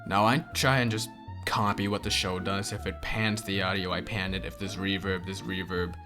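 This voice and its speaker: A young man with a lowish voice talks through viewer questions in a relaxed, rambling way, dropping in plenty of fillers. Background music plays clearly under his voice. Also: normal speed. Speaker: channel host answering questions. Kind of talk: casual Q&A chat.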